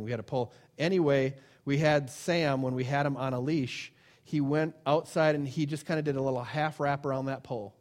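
A preacher with a medium-pitched, darkish voice gives an informal sermon built around a personal story. He acts out quoted voices, repeats phrases, and often restarts his sentences.

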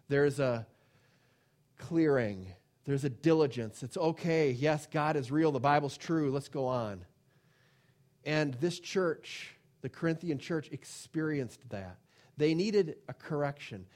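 A man preaching a sermon in an earnest, conversational way, often pausing with fillers. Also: fairly high pitch, a little mellow. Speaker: pastor.

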